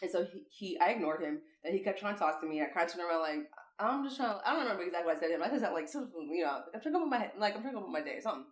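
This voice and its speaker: A woman with a lowish voice talks quickly, telling a story in an animated, profane way. She sounds like a podcast co-host in casual chat. The room has a noticeable echo. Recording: echoey room.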